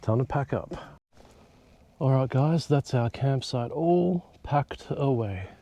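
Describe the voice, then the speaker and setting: A young man vlogs his camping trip outdoors, talking straight to a nearby camera. His voice is mellow and dark, sitting at an ordinary middle pitch. He chats loosely, cracks jokes and drops the odd swear word. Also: animated, slow pace, no echo. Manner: chatty, joking, swears casually. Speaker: hiking vlogger. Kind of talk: casual solo vlog to camera. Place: outdoors in bush at a campsite.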